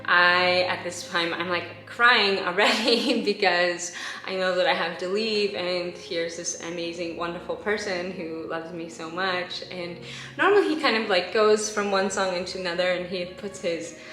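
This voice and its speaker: A woman's voice: on the low side, fairly even intonation, normal speed, bright, forceful tone. Chatty young woman in an echoey room. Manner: chatty and emotional, laughing often, lots of fillers. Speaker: vlogger. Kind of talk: casual storytelling to camera.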